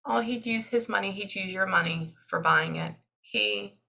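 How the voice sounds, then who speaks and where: A Texan woman giving a medium's reading in an animated, chatty way, often pausing to listen. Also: mid-range voice, creaky. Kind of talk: casual spoken reading session.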